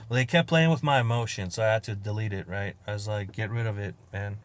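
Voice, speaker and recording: Man, low-pitched, casual podcast rant, profane, laughing at own jokes, loud bursts when quoting. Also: moderate pace. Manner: acts out quoted exchanges with sudden loud outbursts. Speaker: podcast host. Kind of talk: casual comedic monologue.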